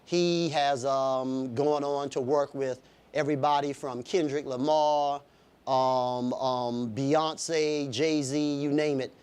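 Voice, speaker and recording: A man's voice: mid-range voice, fairly even intonation, slow, darkish tone, clear, resonant tone. A man speaking as a visiting hip hop educator, giving an upbeat talk to a class of students with many fillers and frequent check-ins.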